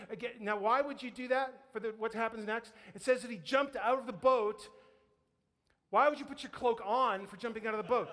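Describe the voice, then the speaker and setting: A high-voiced male pastor preaches and tells a story with lively energy. He acts out the voices of the people in the story and laughs often. His voice rings with the long reverb of a church hall. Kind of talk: sermon. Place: church sanctuary.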